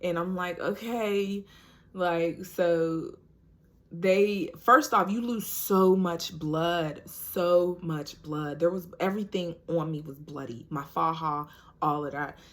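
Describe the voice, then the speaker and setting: In slow, relaxed vlog storytelling, a woman with a fairly low voice recounts something personal to her viewers, her speech loose and dotted with "like" and "you know."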